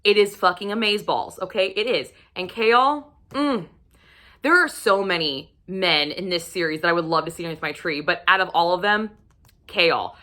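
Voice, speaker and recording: A woman vlogger recommending romance books to camera, gushing and swearing freely, sometimes dropping into a breathy whisper. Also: lowish voice, fast, hardly any pauses, bright, forceful tone. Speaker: book reviewer. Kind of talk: casual book recommendation vlog.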